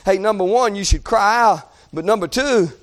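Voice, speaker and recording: A man preaching a sermon, swinging between shouted appeals and hushed passages. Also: sits high, normal speed.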